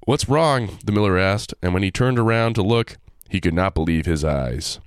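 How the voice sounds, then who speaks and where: A man hosting, reading a folk tale aloud with animated, joking asides. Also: low voice, moderate pace, smooth, no room sound, clean studio sound. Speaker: host. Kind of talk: storytelling with jokey asides.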